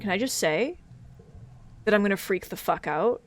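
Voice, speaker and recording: A woman's voice: mid-range voice, expressive, moderate pace, slight background noise. A woman streaming a video game, chatting casually, swearing often and reading the game's text aloud. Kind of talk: casual live-stream chat while playing.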